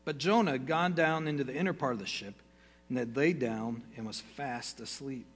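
A man, a pastor, reads a Bible passage aloud to his congregation at a steady pace, with brief casual asides and quick self-corrections. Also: medium pitch, slightly rough, long reverb tail, soft background music. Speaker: pastor teaching a Bible study. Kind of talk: reading scripture aloud to a congregation.

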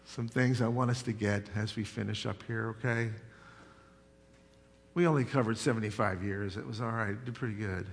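A man preaching a sermon as pastor, telling folksy stories and building to loud, emphatic points. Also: lowish voice, fairly even intonation, normal speed, vocal fry, slight background noise. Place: church sanctuary. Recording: long hall reverb.

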